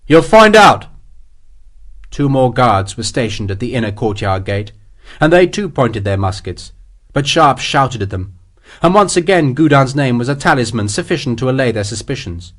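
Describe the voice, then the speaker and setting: Male audiobook narrator, measured storytelling, lively pitch. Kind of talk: scripted narration.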